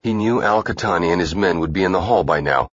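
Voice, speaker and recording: Give me a low-voiced man reading a thriller audiobook steadily, muffled lo-fi sound. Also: fast talker, slightly rough, dry recording. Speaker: audiobook narrator. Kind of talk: scripted thriller narration. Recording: dull dry lo-fi recording.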